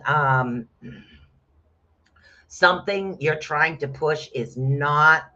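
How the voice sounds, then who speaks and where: A man giving casual rune readings on a live stream, chatting with viewers and bursting into loud exclamations. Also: mid-range voice. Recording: dull lo-fi stream audio.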